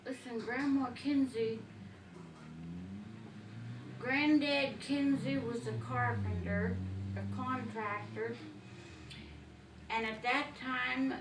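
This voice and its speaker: Older woman, slow reflective storytelling, rather high voice, echoey room, distant mic. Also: animated, background noise. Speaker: interviewee. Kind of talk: family oral history interview.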